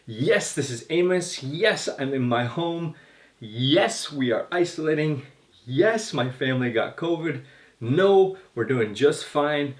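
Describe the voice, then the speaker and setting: A man's voice: fairly high pitch, animated, slow pace, reverberant. A male pastor telling a sermon story in vivid, scene-painting detail, recorded in his home studio.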